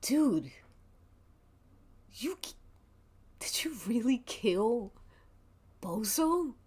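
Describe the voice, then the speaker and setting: A woman's voice: big pitch swings, drawn-out words, darkish tone, slightly rough, heavily acted. A woman voicing Dinky, a distraught young man in a role-play game who pleads, hurt that his friend would turn on him. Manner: pleading, upset and high.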